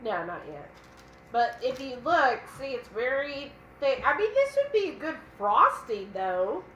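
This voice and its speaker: A woman's voice: sits high, big pitch swings, measured pace, a bit bright, reverberant, a little hiss or hum, low-quality recording. A woman co-hosting a casual cooking live stream, chatting and reading viewer comments aloud. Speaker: cooking channel co-host.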